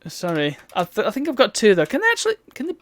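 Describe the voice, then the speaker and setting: A woman's voice: mid-range voice, huge pitch swings, fast, dry recording. A woman chatting through a live game stream, with exasperated outbursts at the game. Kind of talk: live gameplay commentary.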